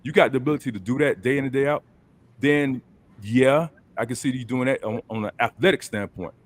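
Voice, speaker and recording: A man's voice: medium pitch, fairly quick. A man hosting a casual group chat over a video call, talking in a loose, colloquial coaching way. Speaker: host.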